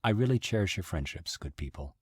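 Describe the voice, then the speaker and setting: A man telling a story in a casual commentary, wry and animated, with sudden jumps in pitch. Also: fairly quick, husky, dry recording, clean studio sound. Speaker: video essayist recounting events.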